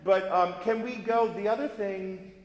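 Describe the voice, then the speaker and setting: A man's voice: sits high, a little slow, dull audio. A man leading a singing master class, coaching a student in an informal, encouraging way with lots of casual fillers. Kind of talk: coaching a singer in rehearsal. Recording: roomy hall reverb with piano.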